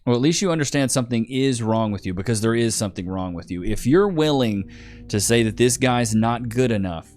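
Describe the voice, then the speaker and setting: Lively emphatic streamer man. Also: mid-range voice, a little fast, soft background music. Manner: emphatic, slangy, talks straight to the chat. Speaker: reaction streamer host. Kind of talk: casual commentary.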